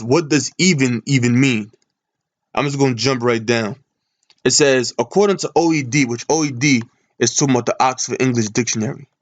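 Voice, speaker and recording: A man giving a Bible lesson from his computer screen, asking and answering his own questions as he reads. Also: medium pitch. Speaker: Bible teacher. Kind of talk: screen-share scripture lesson.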